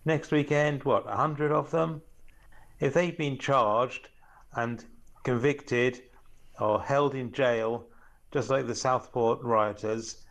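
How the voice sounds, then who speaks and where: A man's voice: medium pitch, takes it slowly, gravelly, fairly bright tone. A man from Norfolk ranting angrily in a recorded voice note to a radio phone-in. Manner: angry, ranting. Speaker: caller.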